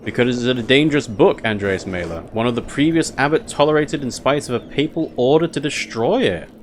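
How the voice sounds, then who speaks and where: A man reading aloud the lines of a guarded woman librarian of a convent, in a measured, matter-of-fact way. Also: mid-range voice, a little hiss or hum, natural voice.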